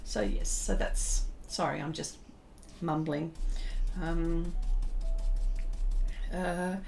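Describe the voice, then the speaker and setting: Slow-talking, chatty Australian woman. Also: on the low side, steady tone, vocal fry, slight background noise. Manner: rambling, chatty, laughs often. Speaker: pastel artist streaming live. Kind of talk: casual livestream chat while drawing.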